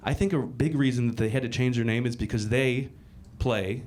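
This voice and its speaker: A man delivers a rambling, crude stand-up set on a club stage, swearing and often restarting. His mid-range voice is steady and slightly dark, at a moderate pace. It's a live club recording with the crowd laughing in the background.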